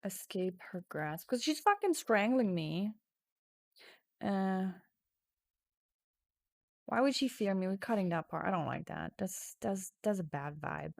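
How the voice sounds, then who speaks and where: A woman's voice: mid-range voice, expressive, measured pace, creaky, pauses often, no room sound, clean studio sound. A woman streaming a text adventure game, reading the story aloud with casual swearing and sudden drops into whispers.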